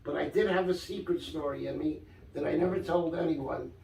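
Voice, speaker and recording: Older New man, high voice, animated storyteller, off-mic in an echoey room. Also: a little fast, creaky, distant mic, a little hiss or hum. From Brooklyn, New York. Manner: animated storyteller, acts out quoted dialogue. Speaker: guest author. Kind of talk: casual storytelling interview.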